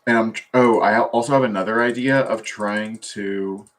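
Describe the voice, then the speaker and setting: Low-voiced man rambling at his computer. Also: fairly even intonation, moderate pace. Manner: meandering, full of fillers and trailing thoughts. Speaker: vlogger. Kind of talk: rambling solo livestream talk.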